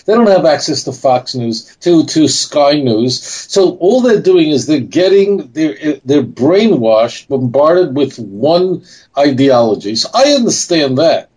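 A man's voice: a little high, darkish tone, husky, rough recording. A man speaking as a guest in a talk show interview, emphatic and insistent, often repeating himself.

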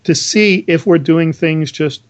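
A man's voice: a little high, unhurried. A man co-hosting a Bible discussion, explaining verses earnestly and reading scripture aloud. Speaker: Bible study co-host.

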